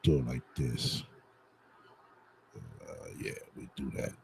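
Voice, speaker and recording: Very deep gravelly streamer, muttering and cursing. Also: male voice, sing-song, slow, a little hiss or hum, poor audio. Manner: frustrated, muttering and swearing while fixing the stream setup. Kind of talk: casual live-stream talk to viewers.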